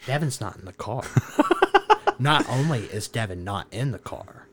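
A young man telling a wild story casually, animated, laughing and swearing as he goes. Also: medium pitch, a little slow, breathy edge.

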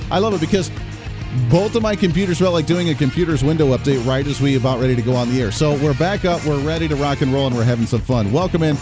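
A man's voice: a little high, quick pace, over music. Upbeat sarcastic radio host man. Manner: sarcastic, energetic, mocking. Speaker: radio talk show host. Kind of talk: conservative talk radio monologue. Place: radio studio. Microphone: studio microphone.

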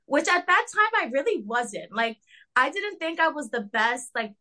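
A young woman talking casually as an interview guest, full of fillers, sometimes jumping high to act out quotes. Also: sing-song, normal speed, pushed and bright. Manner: chatty, filler-heavy with lots of "like" and "um"; acts out quotes in a high mocking voice.

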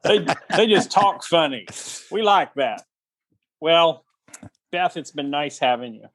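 A man's voice: a little high, expressive, takes it slowly, a bit bright, no echo. A man hosting a casual podcast chat, teasing his guests with wry banter. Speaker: podcast host.

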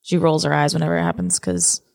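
A woman with a mid-range, gravelly voice co-hosts a casual travel podcast. She hesitates with lots of fillers and slips in jokes. The sound is dry and close. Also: low-pitched, sing-song, quick pace, no room sound. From United States. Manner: hesitant, joking, many fillers. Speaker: podcast co-host.

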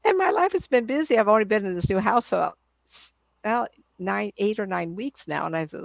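A woman's voice: mid-range voice, animated, brisk, gravelly, dry recording. An older woman, a psychic medium guest, telling rambling stories in a casual interview. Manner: rambling, chatty storyteller.

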